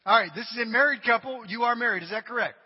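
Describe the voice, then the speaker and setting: A male pastor preaching a sermon to his congregation, dramatic and humorous, swinging from loud cries to quiet asides. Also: extremely high pitch, racing, slightly rough. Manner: humorous, addresses the congregation directly. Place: church sanctuary. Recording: dull recording with long hall reverb.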